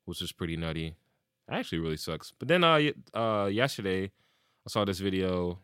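Male co-host, animated storyteller who acts out quotes, dry close sound, forceful tone. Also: low voice, normal speed, clear, resonant tone, no room sound. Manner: animated retelling with acted-out quotes and swearing. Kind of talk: casual chat, storytelling.

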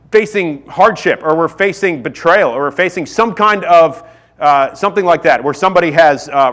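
A man's voice: fairly high pitch, fairly bright tone. A man in his thirties preaching a sermon in a casual, self-deprecating way that rises to fervent pleas. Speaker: pastor. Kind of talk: sermon with personal stories.

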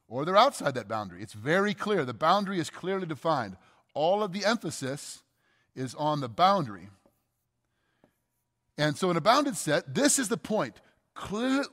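A man's voice: a little high, a bit bright, big-room sound. A man preaching a teaching sermon, explaining carefully, posing rhetorical questions and stressing key words. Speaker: pastor.

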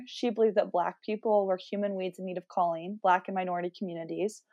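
A woman's voice: medium pitch, darkish tone. A young woman, a podcast guest, talking earnestly and with passion in a rambling, casual interview.

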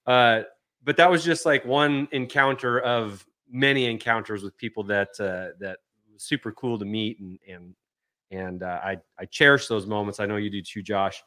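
A man co-hosting a casual podcast, relaxed and appreciative, trailing off softly. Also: lowish voice, moderate pace. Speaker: podcast co-host. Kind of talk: casual chat.

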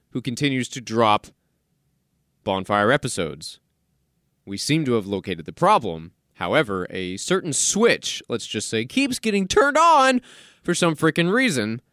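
Male podcast host, lively sarcastic solo rant, very dry close sound. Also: mid-range voice, no echo. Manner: animated, sarcastic, rants and mock-quotes people. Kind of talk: casual solo podcast monologue. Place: recording studio.

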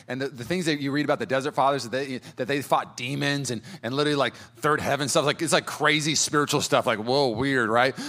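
A man preaching a sermon as pastor, energetic and casual, with many restarts and stammers. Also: medium pitch.

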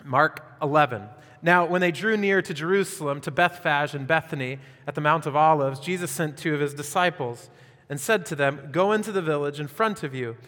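A male pastor preaches with lively energy, reading scripture and then pressing the congregation with questions. His voice sits a little high for a man. The sound trails off into the long reverb of a church hall. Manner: animated preaching with rhetorical questions. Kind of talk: sermon.

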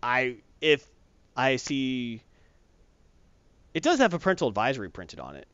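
A man's voice: medium pitch, very animated, normal speed, a bit bright, smooth, no echo. A man casually reviewing comic books, sarcastic and exasperated, rambling through his opinions. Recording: dull, lo-fi, dry.

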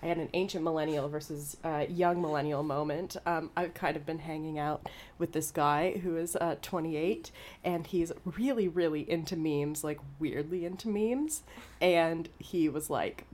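A woman's voice: low-pitched, normal speed, darkish tone. A young woman co-hosting a podcast, rambling and giggly in casual chat. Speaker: podcast co-host.

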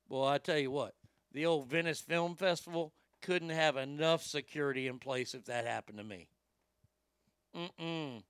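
Brash male host: high, gravelly, swearing rant, dry close sound. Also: bright, forceful tone, no echo. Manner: brash, swaggering, heavy swearing. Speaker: commentary show host. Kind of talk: profane comedic rant.

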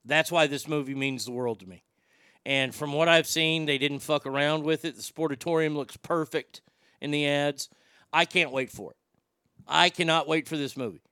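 Bright, crisp-voiced male podcast host. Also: a little high, normal speed, no echo, clean studio sound. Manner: profane, emotional, rambling. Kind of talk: casual chat.

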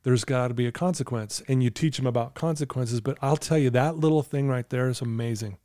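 Earnest man with a warm, dry voice. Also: medium pitch, a little fast, dry recording. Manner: earnest, coaching tone with anecdotes. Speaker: podcast guest. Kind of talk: casual podcast chat.

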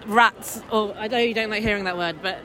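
A woman with a London accent, telling an animated, blunt story in a casual chat outdoors on a city street. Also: medium pitch, a little fast, slight background noise. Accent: London English. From England.

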